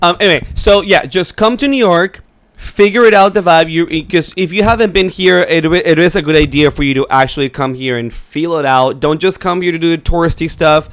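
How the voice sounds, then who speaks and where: A man co-hosting a podcast in casual chat, talking fast and loose with lots of "like" and swearing as he gives advice. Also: fairly high pitch, fairly bright tone, clean tone. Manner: chatty, profane, giving advice with lots of "like". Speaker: podcast co-host. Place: New York City.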